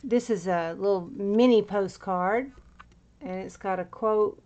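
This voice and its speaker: A woman with a mid-range, darkish voice talks at a measured pace while paging through a handmade journal she made. She's a crafter giving a casual walkthrough, chatty and meandering with plenty of fillers, and she sounds a bit out of breath.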